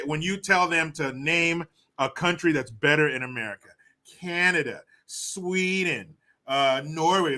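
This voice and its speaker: A man's voice: fairly high pitch, sharp tone. A man hosting a live political commentary show, ranting heatedly and swearing freely. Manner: reads viewer comments aloud.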